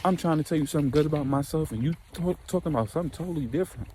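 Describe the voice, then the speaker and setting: A man's voice: fairly high pitch, racing, background noise, voice pushed up, lightly acted. A man voicing a touchy, defensive young woman inmate who snaps back. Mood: defensive angry. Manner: snappy, defensive.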